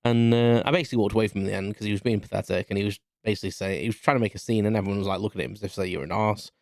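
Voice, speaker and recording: A man's voice: fairly low pitch, steady tone, racing, darkish tone, no room sound, clean studio sound. A British man around forty hosts a solo podcast, telling a candid story in a rambling, chatty way. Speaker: podcast host.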